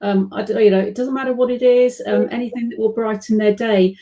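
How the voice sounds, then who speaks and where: A woman guest in a live online chat talks in a conversational, appreciative way and sounds touched. Her voice has a mellow, warm tone. The sound has the plain quality of a video call. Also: a little high, steady tone, brisk.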